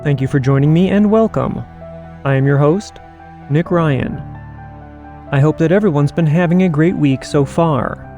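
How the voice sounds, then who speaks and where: A man hosting a podcast and reading listener stories aloud in a steady, measured way. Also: fairly high pitch, lo-fi sound, music in the background. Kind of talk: scripted podcast narration.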